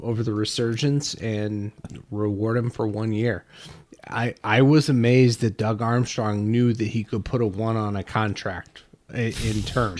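A man's voice: on the low side, darkish tone. A man co-hosting a casual hockey podcast, speaking in a dry, matter-of-fact way. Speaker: podcast co-host. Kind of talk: casual sports podcast chat.

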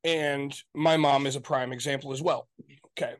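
A man's voice: medium pitch, steady tone, moderate pace, dry recording. A man co-hosting a podcast, venting in casual chat with frequent swearing and acted-out quotes of his family. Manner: venting, profane, exasperated; acts out quoted exchanges. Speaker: podcast co-host.

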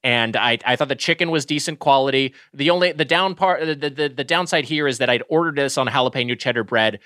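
A man talks through a fast food review in an animated, rambling way, stumbling over his words before landing on emphatic verdicts. His voice is bright and forward, recorded close and dry with no room sound. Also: mid-range voice, clean tone, no echo. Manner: rambling, restarts often, emphatic. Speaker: podcast co-host. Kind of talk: casual comedic food review chat.

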